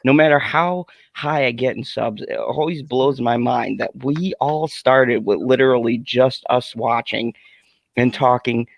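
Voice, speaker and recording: A man's voice: medium pitch, measured pace, gravelly, no room sound. New York man hosting a laid-back stream. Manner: laid-back, reads out viewer comments. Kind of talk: casual livestream chat.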